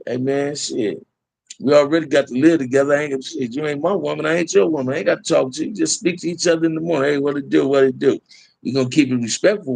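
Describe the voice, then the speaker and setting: A man's voice: mid-range voice, vocal fry, darkish tone, slightly rough, dry recording. Candid streetwise man telling prison stories. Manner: streetwise slang, laid-back and candid, drawn-out "man". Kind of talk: casual storytelling to a live chat.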